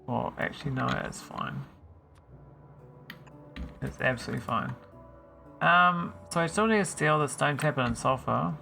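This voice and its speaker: A man's voice: a little high, big pitch swings, moderate pace, creaky, pauses often, sharp tone, soft background music. A man streaming a game, chatting casually and teasing his viewers while he thinks aloud. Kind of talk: casual live-stream chat while playing.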